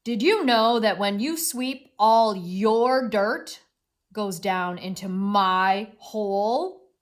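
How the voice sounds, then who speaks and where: A woman doing a loud, fed-up storybook mole. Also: a little high, sing-song, unhurried. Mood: exasperated. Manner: loud, frustrated complaining. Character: exasperated male mole, tidy neighbor, storybook.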